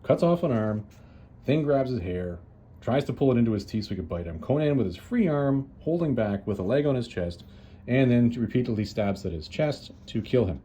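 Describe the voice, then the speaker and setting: A man's voice: mid-range voice, animated, normal speed, dark tone. A man casually retelling a story as a host, chatty and loose, with lots of "uh"s and restarts. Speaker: comics reviewer, host.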